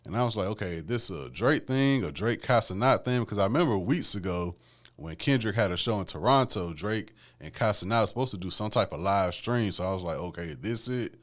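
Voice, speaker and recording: A man's voice: lowish voice, expressive, a little fast. A man hosting a podcast alone, talking about music in a laid-back, conversational way and often adding "man" and "you know what I'm saying". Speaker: podcast host. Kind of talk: casual solo music commentary.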